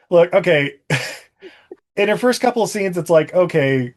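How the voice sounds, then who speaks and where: A man's voice: high voice, lively intonation, measured pace, long pauses. A man co-hosting a podcast, chatting about a movie in a jokey way and laughing often. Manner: jokey, laughs often, bursts into mock voices. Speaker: podcast co-host. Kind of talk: casual comedic movie chat.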